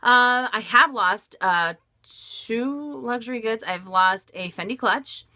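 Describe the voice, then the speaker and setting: Speaking slowly in a slightly high, sharp voice, a woman vlogger fields viewer questions on luxury bags. It's a relaxed Q&A chat, candid and talkative, with frequent laughs and fillers.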